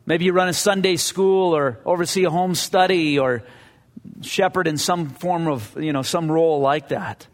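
A man's voice: on the high side, moderate pace, in a large hall. A man preaching a sermon as pastor, earnest and conversational, often repeating his words as he goes.

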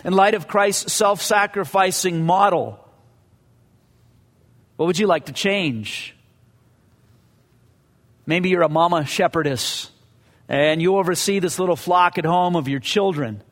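A man's voice: high voice, measured pace, pauses often, a bit bright, in a large hall. A man preaching a sermon as pastor, earnest and conversational, often repeating his words as he goes.

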